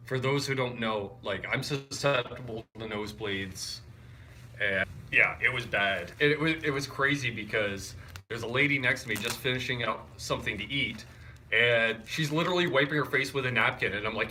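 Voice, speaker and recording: A young man chatting casually on a live stream. He greets viewers and reads their comments out loud, and he sounds wired and tired. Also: medium pitch, moderate pace, a little hiss or hum. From Canada. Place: hotel room.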